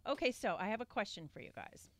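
A woman co-hosts a casual podcast and talks fast. She is blunt, swears freely, and mutters as she goes. Her mid-pitched voice is recorded dry and close. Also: lively intonation, no echo. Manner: quick, swearing, mumbles to herself. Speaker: podcast co-host.

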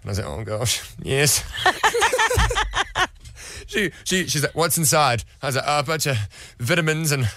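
A man's voice: on the high side, animated, fairly quick, few pauses, bright, forceful tone, no echo. A young man, co-hosting a radio show and telling a story sheepishly, laughing a lot and restarting sentences. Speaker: radio co-host. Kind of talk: casual radio banter.

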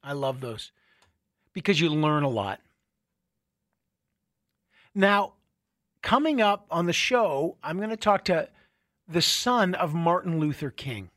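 A middle-aged man hosting a radio show, telling stories in a casual, animated way with many restarts. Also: a little high, takes it slowly, long pauses, no room sound, studio quality. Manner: conversational, animated storytelling with restarts. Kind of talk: casual talk radio monologue.

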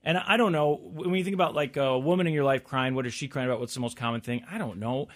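A man's voice: medium pitch, fast. A man hosting a casual chat, reading out survey figures and adding wry comments. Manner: reads out survey stats with wry asides. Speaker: podcast host.

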